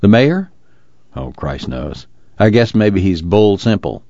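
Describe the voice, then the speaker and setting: In this audiobook reading, a man plays an amused young mechanic who talks in an easygoing, wry drawl that lifts a little above his usual low register. The recording is dull and dry. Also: very animated, slow pace, mellow, no room sound, exaggerated voice.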